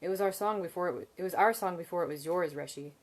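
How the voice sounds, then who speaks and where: A woman voicing a playful, restless young man in a fantasy novel reading, with a teasing, sing-song delivery a little above her low reading voice. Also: quick pace, natural voice. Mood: eager.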